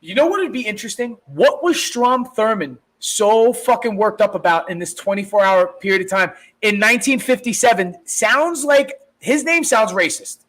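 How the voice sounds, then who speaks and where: A man with a high voice co-hosts a podcast in loose, profane chat. He rambles from point to point and swears freely. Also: normal speed, hardly any pauses, low-quality recording. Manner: rambling, animated, swears a lot. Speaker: podcast co-host.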